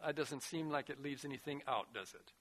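A man preaching a sermon, earnest, rising to loud emphasis and dropping to a hushed voice. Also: mid-range voice, a little fast. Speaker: pastor.

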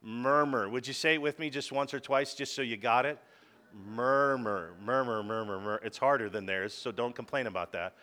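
A man's voice: mid-range voice, quick pace, hardly any pauses, pushed and bright. A man preaching a sermon, leading the congregation in call-and-response. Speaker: pastor.

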